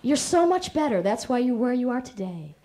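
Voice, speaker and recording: A woman's voice: fairly high pitch, sing-song, brisk, dark tone. A woman giving a confrontational spoken-word performance, swinging between sultry murmurs and defiant outbursts.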